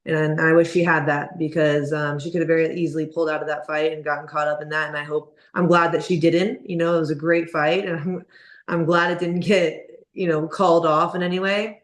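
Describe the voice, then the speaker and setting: A woman's voice: lowish voice, a little fast. Blunt woman boxer in an echoey room. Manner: candid and blunt, filler-heavy speech. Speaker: professional boxer interviewee. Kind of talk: casual interview.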